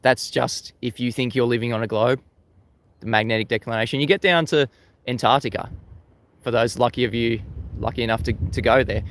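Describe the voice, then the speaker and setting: A man's voice: medium pitch, fairly quick. Chatty Australian man hosting a livestream. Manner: chatty, laughs often, repeats words as he restarts. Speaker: livestream host. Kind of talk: casual live-stream talk, reading chat. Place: outdoors facing the sea at sunrise.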